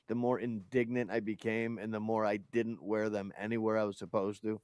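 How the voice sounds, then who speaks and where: A male co-host talking bluntly and with plenty of swearing in casual chat. His voice is smooth and clear. The sound is dry and close, with little room echo. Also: fairly low pitch, little pitch movement, fairly quick, darkish tone. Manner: blunt, profane.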